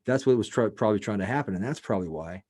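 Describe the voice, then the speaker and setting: A man with a very low voice talks quickly and casually as he hosts a podcast. He tells a long, rambling story full of swearing, and he keeps saying "like" and "you know.". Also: lively intonation, a little mellow, slightly rough. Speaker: podcast host.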